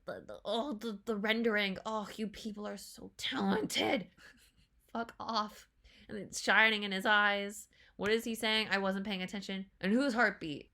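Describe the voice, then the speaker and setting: A woman hosting a trailer reaction video, chatting casually in an excitable, rambling way, with frequent swearing and filler words. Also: mid-range voice.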